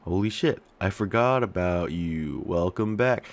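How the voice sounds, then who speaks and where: Crude joking young guy, lowish voice. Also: animated, measured pace. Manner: joking, crude, teasing, swings between mumbles and outbursts. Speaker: YouTuber. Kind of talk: casual vlog reading comments.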